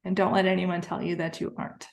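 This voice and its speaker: A woman's voice: on the low side, flat delivery, fast, creaky. A woman hosting a podcast in casual chat, sincere, often filling with "you know". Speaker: podcast host.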